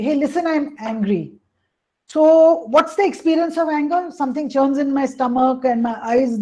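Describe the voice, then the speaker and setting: A woman's voice: on the high side, warm tone, rough recording. A woman coach presenting a webinar on emotions, explaining at length and often saying "you know" and "hey, listen" over a call.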